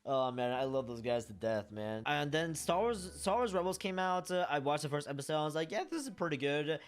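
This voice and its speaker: A man's voice: on the high side, a little fast, clean tone. A man talking casually about a show he loves, rambling with many fillers and the odd curse, emotional and earnest. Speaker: fan sharing memories. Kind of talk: casual monologue vlog.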